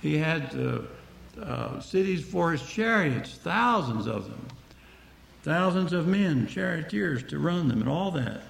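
A man's voice: on the high side, sing-song, slow, creaky, echoey room. A man preaching a Bible-teaching sermon, speaking conversationally and explaining the text verse by verse to his listeners.

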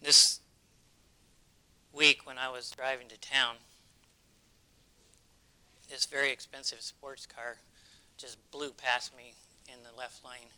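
A man's voice: mid-range voice, flat delivery, takes it slowly, pauses often, sharp tone, clean tone, poor audio. A man preaching a sermon, telling stories in an earnest way. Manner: earnest storytelling.

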